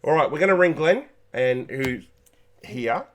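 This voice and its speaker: A man's voice: medium pitch, lively intonation, unhurried. Chatty Australian male host. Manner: chatty, laughs often, stumbles over words. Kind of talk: casual live show chat.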